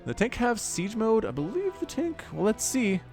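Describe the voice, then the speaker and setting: A man's voice: high-pitched, wildly swooping pitch, moderate pace, darkish tone, faint music behind. A man in his thirties doing solo commentary on a strategy game replay, chatty and prone to rambling into personal stories. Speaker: game caster.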